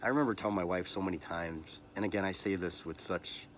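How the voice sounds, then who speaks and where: A man's voice: sits low, fast, background noise. A man in his thirties hosting a podcast, talking through a personal, emotional monologue that halts, repeats words and restarts often, with motivational asides. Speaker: podcast host.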